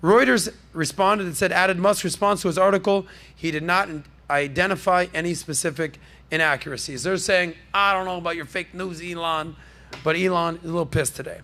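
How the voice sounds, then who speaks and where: A high-pitched, gravelly man hosting his podcast with bright, forceful energy. He riffs through the news in an animated, jokey way and tosses asides to his crew. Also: a little fast. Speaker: podcast host.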